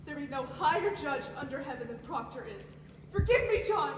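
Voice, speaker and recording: A woman's voice: sits high, expressive, a little fast. Girl playing a remorseful Puritan wife. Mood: pleading. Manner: pleading, tearful. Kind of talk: high school stage play. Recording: echoey hall from far off, noisy phone.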